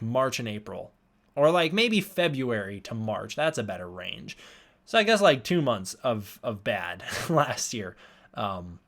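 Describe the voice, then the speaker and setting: A man's voice: mid-range voice, fairly bright tone. A young man hosting a casual livestream, rambling as he reads and answers chat, sounding tired. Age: young adult. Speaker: livestream host.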